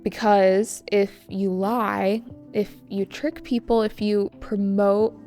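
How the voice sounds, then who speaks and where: Slow, clear woman teaching English. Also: medium pitch, flat delivery. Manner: slow, clear, explains words and stress. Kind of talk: scripted English lesson narration. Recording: soft music underneath.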